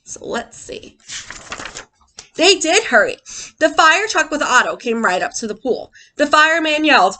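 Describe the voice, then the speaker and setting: A woman teacher reading a picture book aloud to children in an animated way, stopping to ask them questions. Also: high-pitched, measured pace.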